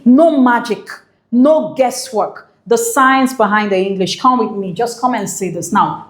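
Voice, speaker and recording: An echoey room carries the high-side voice of a woman preparing students for an English exam. She enthusiastically drills key phrases and keeps asking the viewer questions.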